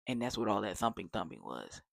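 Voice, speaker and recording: A young adult man telling a casual storytime, animated and slangy, dropping to whispers for effect. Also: fairly low pitch, brisk, gravelly, no room sound. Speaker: vlogger.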